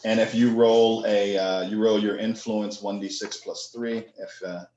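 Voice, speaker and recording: A man running a tabletop game as game master, explaining the rules at an unhurried pace with many fillers. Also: fairly low pitch, little pitch movement, darkish tone, roomy sound, dull audio.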